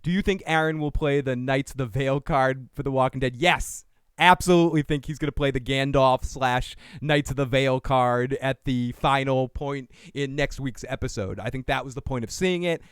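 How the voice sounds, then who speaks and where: A man's voice: mid-range voice, moderate pace, clear, resonant tone, no room sound, clean studio sound. Laughing man reading viewer comments. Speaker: podcast host. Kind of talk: casual recap chat.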